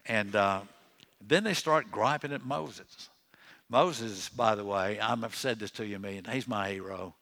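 Bright-voiced man preaching a sermon. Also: fairly low pitch, measured pace, vocal fry. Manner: conversational, joking asides with chuckles. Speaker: pastor. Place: church.

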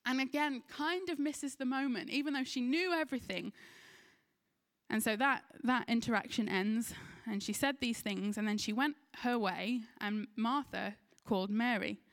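A woman's voice: fairly high pitch, normal speed, fairly bright tone. A woman with an English accent preaching a sermon, retelling a scripture story in an earnest voice and briefly acting out the people in it. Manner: earnest storytelling, acts out quoted lines.

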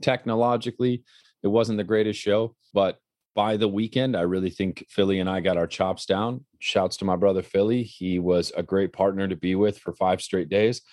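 A man's voice: low voice, steady tone, moderate pace, darkish tone, dry recording, clean studio sound. A man co-hosting a casual talk show, telling a story with animation and acting out the quotes. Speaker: podcast co-host and color commentator.

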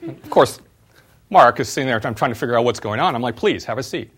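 A middle-aged man, a former startup CEO, giving a university talk and telling personal stories in an animated way. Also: mid-range voice, fast talker, slightly rough. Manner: animated storyteller, voice jumps up when retelling exchanges.

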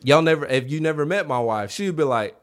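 A man preaching a revival sermon in a church, animated, acting out quoted voices and calling on the congregation to answer back. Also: a little high, a little fast. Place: church sanctuary.

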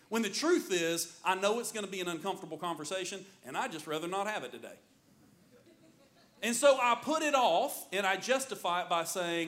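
A middle-aged man preaching a sermon as pastor, in an animated, joking storytelling manner. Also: sits high, a little fast.

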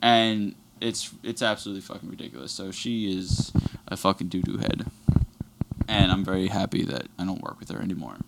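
A man's voice: low-pitched, fairly quick, creaky, very noisy. A young man telling a long, rambling story in casual podcast chat, swearing constantly.

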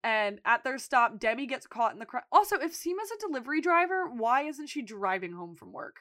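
A woman co-hosting a podcast, retelling scenes in animated casual chat and acting out the quotes. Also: high voice, a little fast, no echo, clean studio sound. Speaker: podcast co-host recapping episodes.

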